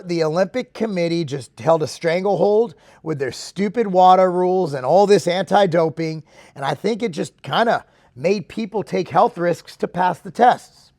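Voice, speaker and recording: A man hosting a fitness show, giving his opinions in casual talk to the camera. He is emphatic and excitable and speaks straight to his viewers. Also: sits high, no echo, clean studio sound.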